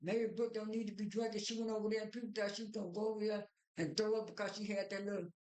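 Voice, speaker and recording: A woman's voice: medium pitch, flat delivery, racing, darkish tone. Brief: woman vlogger, mid-range voice, loose rambling recap full of restarts, echoey room. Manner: rambling, with many restarts and fillers. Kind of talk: casual spoken recap.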